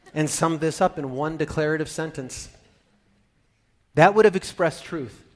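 A man preaching a sermon, animated, swinging from loud exclamations to soft, almost whispered lines. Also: mid-range voice. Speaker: pastor.

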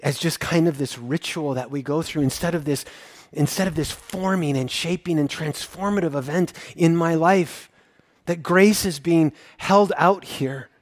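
A high-voiced man preaching as pastor, earnest and openly emotional. He drops to a hushed tone, then rises to excited exclaiming, and repeats words when he is moved. His voice is close and dry, with no room sound. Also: normal speed, no echo. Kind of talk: sermon.

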